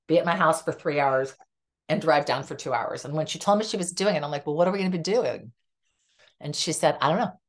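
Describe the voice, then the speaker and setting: A woman with a notably low, deep voice talks openly about her own life as a guest on a podcast. She tells it vividly and acts out what others said, switching into their voices as she goes. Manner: animated, acts out quoted dialogue. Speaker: psychotherapist guest. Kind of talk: candid personal storytelling in conversation.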